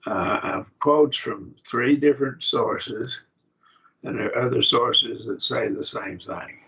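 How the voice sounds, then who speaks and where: A man teaching a Bible Greek grammar class over a video call, explaining slowly and asking his students questions. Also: medium pitch, vocal fry, bright, forceful tone. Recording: dull lo-fi call audio.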